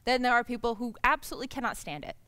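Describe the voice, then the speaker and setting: Bright-voiced woman panelist. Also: a little high, expressive, smooth. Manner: brisk, conversational, frequent restarts. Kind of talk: public forum discussion.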